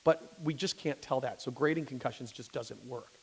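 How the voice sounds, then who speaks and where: A physician gives a conversational public talk to a lay audience in a church hall, often restarting sentences and checking in with "okay?". His voice is medium-pitched, creaky and slightly rough, at normal speed. Long hall reverb colors the recording.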